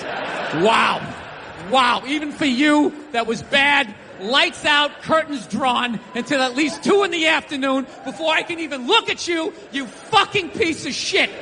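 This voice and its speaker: A man doing a stand-up comedy rant on a theater stage, sarcastic and profane, often shouting. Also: very high-pitched, slight background noise. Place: theater stage before a live audience. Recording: long hall reverb with faint ambience.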